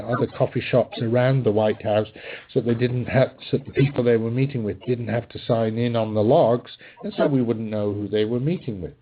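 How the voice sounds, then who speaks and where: A man hosting a political commentary podcast, combative and sarcastic, talking with frequent fillers and restarts. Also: mid-range voice. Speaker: podcast host. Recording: tinny phone-line sound with faint hiss.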